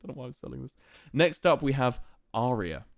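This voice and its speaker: A man's voice: mid-range voice, lively intonation, brisk, vocal fry, dry recording, clean studio sound. A young man streaming live, chatting casually and playfully to his viewers with lots of fillers.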